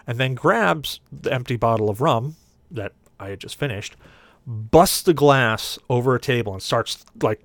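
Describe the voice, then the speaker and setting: A man's voice: mid-range voice, no room sound. A man on a podcast telling a long story in casual talk, acting out the voices of the people in it. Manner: animated, acts out quoted voices. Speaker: podcast co-host.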